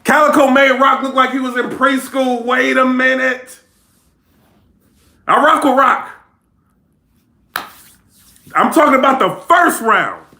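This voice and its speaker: A man with a strikingly high, tense voice gives a casual vlog rundown of the action, talking in slang and slipping into imitations of the people involved. The room around him is hard and echoey. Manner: animated storytelling, slangy, mimics people he describes. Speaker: battle rap commentator.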